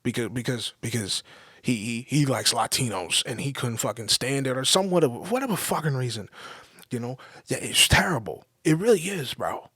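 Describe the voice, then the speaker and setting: A man's voice: medium pitch, animated, normal speed, a bit bright, husky, dry recording, clean studio sound. A man hosting his own podcast, delivering a casual, profane, heated commentary with emphatic repetition. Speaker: podcast host.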